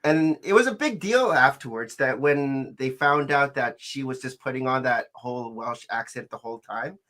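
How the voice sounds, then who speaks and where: A man's voice: mid-range voice, normal speed, fairly bright tone. Curious man asking rambling questions. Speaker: podcast co-host. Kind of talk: casual podcast chat.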